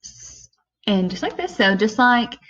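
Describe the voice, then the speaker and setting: A woman's voice: fairly high pitch, sing-song, measured pace, fairly bright tone. Woman teaching, lo-fi sound. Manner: explains step by step with many fillers. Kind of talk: classroom lesson explanation. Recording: dull lo-fi recording.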